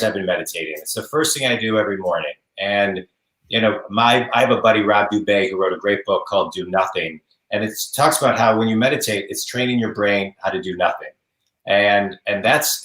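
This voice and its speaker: A man's voice: fairly low pitch, fairly bright tone. Earnest male host, echoey room. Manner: earnest, with frequent restarts and fillers. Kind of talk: casual interview chat.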